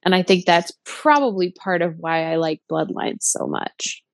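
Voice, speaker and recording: A woman's voice: lowish voice, expressive, normal speed, no room sound, clean studio sound. A woman co-hosting a casual chat, speaking hesitantly with many fillers. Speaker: podcast co-host.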